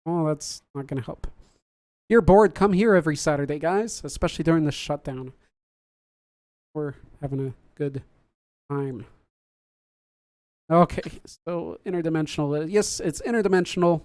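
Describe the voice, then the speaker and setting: Brief: laid-back podcast host, mid-pitched, dry close sound, chats and laughs with live viewers. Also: moderate pace, long pauses, darkish tone, no room sound. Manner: chatty, laughs often, jokes at own slips. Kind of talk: casual livestream chat.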